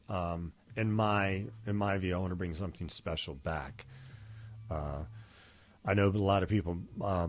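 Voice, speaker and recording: A man hosting a podcast, talking in a casual, rambling way with lots of fillers and restarts. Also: sits low. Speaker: podcast host. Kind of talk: casual solo podcast monologue.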